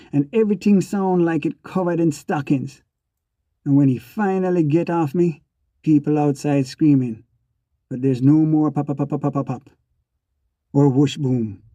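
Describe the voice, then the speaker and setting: A man's voice: on the high side, dark tone, no echo. A man narrating an audiobook in first person, with a rhythmic, repeating delivery. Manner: rhythmic, repeating sound words.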